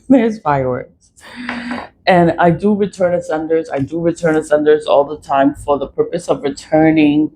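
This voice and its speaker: A woman vlogging in a casual monologue from a city high-rise apartment. She rambles, repeats phrases and mimics other people in quoted asides. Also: a little mellow, slight background noise, rough recording. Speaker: spiritual vlogger.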